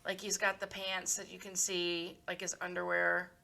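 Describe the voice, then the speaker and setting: A woman co-hosts a casual podcast in a bright, clear voice. She chats in an easygoing way and is quick to chime in. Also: fairly low pitch, completely flat delivery. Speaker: podcast co-host. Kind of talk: casual chat.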